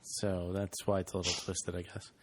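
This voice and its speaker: A man's voice: deep voice, completely flat delivery, moderate pace, slight background noise. A man co-hosting a podcast, trading dry, wry remarks in casual chat. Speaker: podcast co-host.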